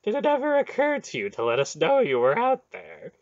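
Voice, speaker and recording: A man voicing a sardonic, irritable, quick-witted man in a fantasy audiobook. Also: high voice, wildly swooping pitch, no room sound, lo-fi sound, voice pushed up, full character voice.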